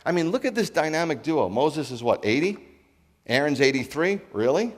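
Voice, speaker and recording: A man preaching a sermon as a rabbi, animated, acting out dialogue and asking his congregation questions. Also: fairly high pitch, fairly quick, in a large hall. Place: congregation hall.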